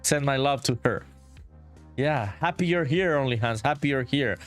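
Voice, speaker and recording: A man's voice: medium pitch, animated, moderate pace, soft background music. A man from Honduras, chatting casually on a game-development livestream, reading viewer messages aloud and saying "dude" a lot. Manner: laid-back, reads viewer chat aloud, says "dude" often. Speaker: indie game developer streaming. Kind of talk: casual livestream chat while working.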